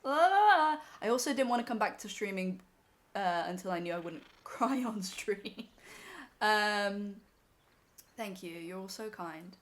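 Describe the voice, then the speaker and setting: A woman's voice: mid-range voice, a little slow, a bit bright, a little hiss or hum. A young woman on a live stream, emotional and teary as she talks to her chat from home.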